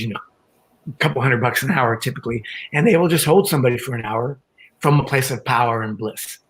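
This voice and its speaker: An older man calmly explaining ideas as a guest on an online panel talk. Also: medium pitch, low-quality recording. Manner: calm, explanatory, with acted quotes.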